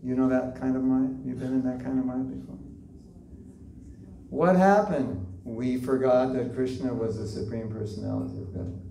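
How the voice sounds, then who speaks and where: In an echoey temple hall, a distant, faintly noisy recording captures a man's devotional lecture to a live group. His voice is medium-pitched, gravelly and dark, with a steady tone and normal pace. He talks conversationally, quizzing the listeners and leaning on plenty of fillers.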